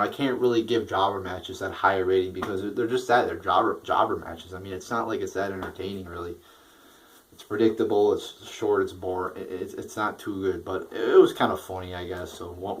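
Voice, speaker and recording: A man's voice: lowish voice, rough recording. Profane, rambling young man reviewing wrestling. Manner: profane, rambling with fillers and restarts. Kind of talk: casual spoken review.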